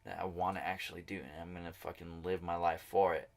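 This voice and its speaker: A young man with a low voice co-hosts a casual podcast. He talks a lot and tells stories with animated energy, swearing freely as he goes. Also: quick pace, creaky. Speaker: podcast co-host. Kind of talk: casual chat.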